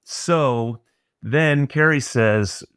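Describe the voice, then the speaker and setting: A middle-aged man appears as a podcast guest and shares a personal story in an earnest, reflective way, often restarting his sentences. His mid-pitched voice is clean and fairly bright, and he speaks extremely slowly. The recording is close and dry.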